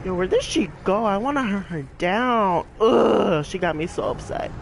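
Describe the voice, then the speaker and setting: A woman's voice: mid-range voice, lively intonation, moderate pace, vocal fry, slight background noise, poor audio. A young woman gaming vlogger venting casually while she plays, talking emotionally and rambling with lots of "like" fillers.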